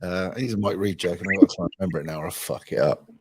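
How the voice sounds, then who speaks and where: Low-voiced man, laid-back. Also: racing, a little mellow. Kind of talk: casual live stream chat.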